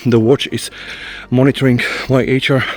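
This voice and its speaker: Male tech reviewer, mid-pitch, slightly breathless, casual trail walk-and-talk outdoors. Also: flat delivery, moderate pace. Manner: chatty, addresses viewers as guys. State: out of breath from fast walking.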